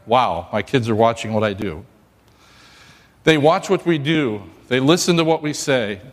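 A male pastor giving a sermon in a church, joking and telling stories in a lively way. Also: medium pitch, measured pace, in a large hall.

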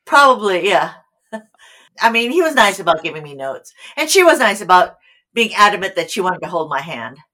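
American woman, middle-aged, very expressive pitch, bright voice, casual interview. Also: moderate pace. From United States. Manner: animated storyteller, laughs easily. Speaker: actor guest.

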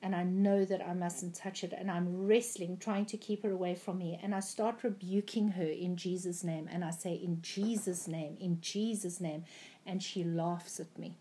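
A woman's voice: fairly low pitch, little pitch movement, normal speed, hardly any pauses, warm tone. A woman earnestly recounting a prophetic dream, with frequent ums and restarts. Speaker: Christian speaker.

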